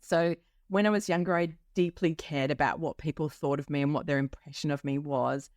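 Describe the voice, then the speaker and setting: Deep, a little mellow, and fairly even in intonation, this fifty-something woman's voice moves at a fairly quick pace. Reflecting personally on her solo podcast, she chats candidly with lots of fillers, in a studio-quality recording with no room sound.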